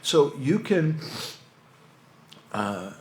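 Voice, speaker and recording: A man's voice: on the high side, big pitch swings, very slow, a little hiss or hum. A man giving a conversational spiritual talk to young people, telling stories with casual asides. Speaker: monk lecturer. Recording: echoey hall with faint ambience.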